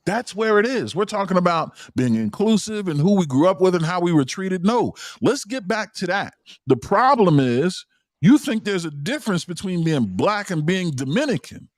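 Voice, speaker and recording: A man's voice: high-pitched, big pitch swings, normal speed, no room sound, clean studio sound. Insistent man lecturing a panel. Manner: insistent, lecturing, cuts others off. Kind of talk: livestream panel discussion.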